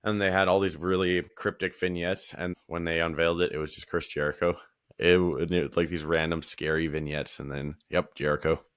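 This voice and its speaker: Man co-host, very deep voice, relaxed casual chat, swears a lot, dry sound. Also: a little fast, smooth, no room sound. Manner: laid-back, swears casually, frequent "like" fillers. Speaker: podcast co-host.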